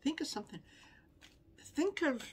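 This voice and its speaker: A woman's voice: high voice, sing-song, moderate pace, darkish tone, slight background noise. A woman tarot reader giving casual, conversational commentary, with exasperated asides and frequent laughter.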